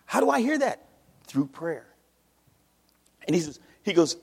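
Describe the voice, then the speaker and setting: A pastor preaching a sermon in a church, animated with call-and-response. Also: male voice, high-pitched, measured pace, breathy edge. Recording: long hall reverb.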